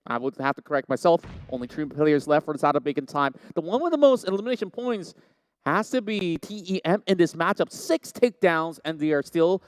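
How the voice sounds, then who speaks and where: A man giving live play-by-play commentary on a competitive esports match, with energetic delivery and sudden excited bursts. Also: fairly high pitch, clear, resonant tone, dry recording. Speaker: esports caster.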